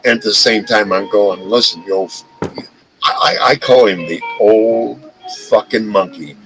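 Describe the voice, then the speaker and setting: A man's voice: on the low side, unhurried, a bit bright, faint music behind, rough recording. A man hosting a live stream, talking in a heated, profane rant and often stumbling over and repeating his words. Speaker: livestream host.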